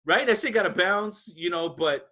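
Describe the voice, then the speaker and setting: Male podcast co-host, high voice with a bright edge, animated and profane in loose chat. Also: normal speed. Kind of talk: casual chat.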